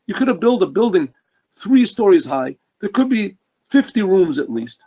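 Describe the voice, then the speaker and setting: Brief: wise old rabbi, calm and assured, read by a male storyteller; husky, lo-fi. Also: sits high, normal speed, exaggerated voice. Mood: critical. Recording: dull lo-fi recording.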